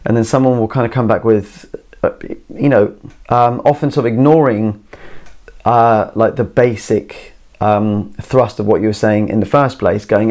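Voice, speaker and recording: A man's voice: on the low side, steady tone, normal speed, a little mellow. A man recording himself in a garden shed, talking his way through ideas in a meandering, casual monologue full of "you know" and "like". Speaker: solo podcast host. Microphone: camera mic.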